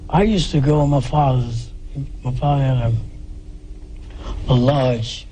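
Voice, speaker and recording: Soft-spoken guy reminiscing, real slow, dark mellow tone. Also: mid-range voice, steady tone, slight background noise. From United States. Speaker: interview guest. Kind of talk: reminiscing in an archive interview.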